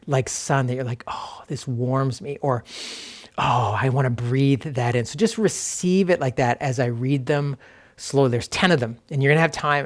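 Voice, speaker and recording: A pastor from Canada preaches in an earnest, middle-pitched voice. He slows down for reflective moments and lets the ends of his lines fall to a near hush. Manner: drops to a soft hush at line ends. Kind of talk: sermon.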